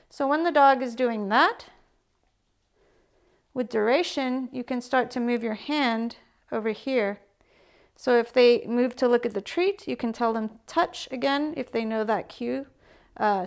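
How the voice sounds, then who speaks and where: A woman dog trainer talking through a training demo with a calm, gentle manner and soft cues to her dog. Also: fairly high pitch, smooth.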